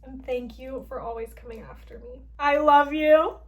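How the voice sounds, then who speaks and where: A brooding, guilt-ridden vampire hunter, as a young woman quotes him. The lines come out in a fairly high, casual voice, loosely paraphrased and dotted with "like". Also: fairly even intonation, normal speed, close to an everyday voice. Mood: quoting.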